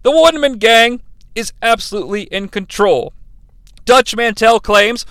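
A man's voice: very high-pitched, unhurried, fairly bright tone, no room sound. A man hosting a comedic wrestling review, calling the action with sarcastic, profane asides. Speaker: host reviewing wrestling matches. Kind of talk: comedic play-by-play commentary.

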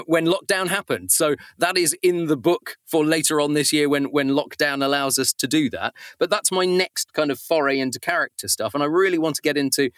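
Male voice actor guest, chatty and self-deprecating, slightly high, dry sound. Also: fairly bright tone, no room sound. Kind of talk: casual interview chat.

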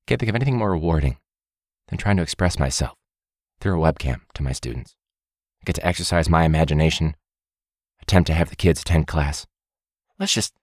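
A man putting on the voice of a calm, soft-spoken TV painter, gentle and soothing. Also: extremely low pitch, slightly rough, no echo, studio quality, full character voice.

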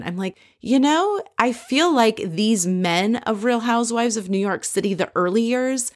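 A woman hosting a casual recap, telling the story in a chatty, animated way with frequent asides. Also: mid-range voice. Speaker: podcast host recapping a reality show.

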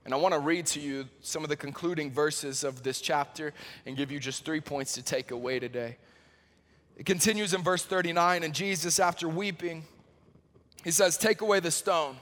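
Man preaching with hushed, dramatic swings. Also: long reverb tail. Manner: swings from loud pleading highs to hushed near-whispers; slow, deliberate emphasis on key words. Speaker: pastor. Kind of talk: sermon.

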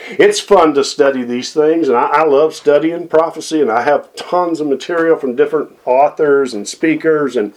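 A man's voice: mid-range voice, darkish tone. A middle-aged man preaching on Bible prophecy in a folksy way, often checking in with "okay?" and "amen".

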